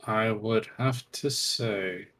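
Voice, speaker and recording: A player in casual chat, drawn-out and dramatic in delivery. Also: medium pitch, fairly bright tone.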